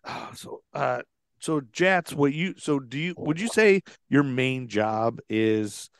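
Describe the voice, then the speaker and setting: A man's voice: mid-range voice, takes it slowly, clean tone, dry recording, clean studio sound. A man hosting a podcast, asking a guest questions in a chatty, joking way. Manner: chatty questioner, laughs often. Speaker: podcast host. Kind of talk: casual interview chat.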